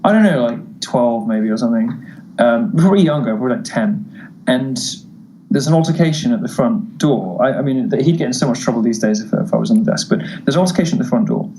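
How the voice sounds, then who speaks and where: A posh-sounding British man, a guest on the show, telling stories in a camp and theatrical way. His pitch sits right in the middle for a man. A faint noise runs low behind him. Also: animated, quick pace, dark tone, low-quality recording. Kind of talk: casual chat, storytelling.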